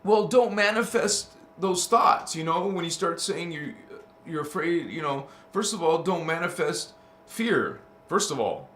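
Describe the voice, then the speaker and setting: A man with a fairly high, bright voice and lively intonation hosts a casual spiritual livestream, speaking a bit slowly but emphatically. He calls listeners honey and baby, laughs often, and reads out the chat. There's a roomy echo and slight background noise.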